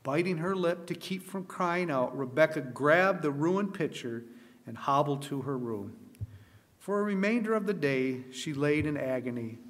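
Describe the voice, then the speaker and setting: An earnest man reads a story aloud with expression. His voice is somewhat high for a man. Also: expressive, moderate pace. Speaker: storyteller at a camp meeting. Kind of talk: story reading.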